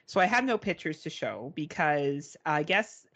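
A woman co-hosting a podcast, telling a story in casual chat, animated and swearing, mimicking beeps. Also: low voice, a little slow. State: arm in a sling. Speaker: podcast co-host.

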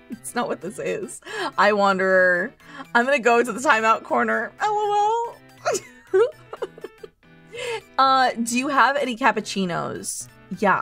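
A woman's voice: fairly high pitch, gravelly, a bit bright. A woman streamer hosting a cozy barista role-play, reading chat aloud in a teasing, playfully motherly way. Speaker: VTuber streamer, host.

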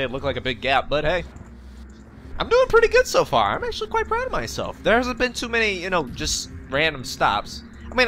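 A man's voice: mid-range voice, sharp tone, slight background noise. A young man giving casual, jokey gameplay commentary, talking back to the game and swearing now and then. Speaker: let's play gamer. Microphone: facecam desk mic. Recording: game music underneath.

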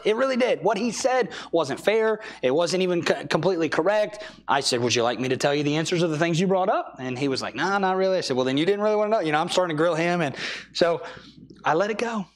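A young man preaching a sermon in a church, telling a story with acted-out quotes. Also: fairly high pitch.

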